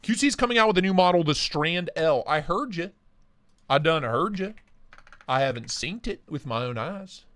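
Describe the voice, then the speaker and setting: A man hosting a live stream in his home office chats casually through viewer comments, calling out chatters by name and making crude jokes. His voice is on the high side, expressive and fairly bright, at a moderate pace, and he is short of breath after eating a large meal.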